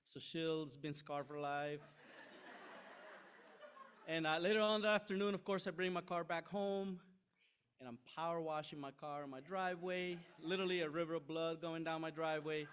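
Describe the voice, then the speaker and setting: A middle-aged man preaching a sermon, telling a story with lively asides and frequent "right?" checks to the room. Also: on the high side, moderate pace. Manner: animated, self-deprecating anecdote with frequent "right?" asides. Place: church sanctuary.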